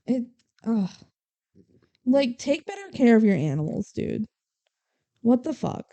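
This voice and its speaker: A young adult woman co-hosting a podcast, retelling a movie plot in animated casual chat with swearing and acted-out quotes. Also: on the high side, a little slow. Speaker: podcast co-host.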